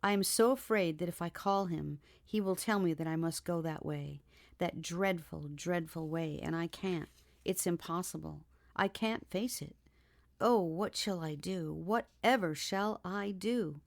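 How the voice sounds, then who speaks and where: A woman's voice: fairly low pitch, a little slow, gravelly. A woman reading an audiobook, voicing a timid, frightened young woman who pleads and trembles. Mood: terrified. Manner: pleading, sobbing, breathless.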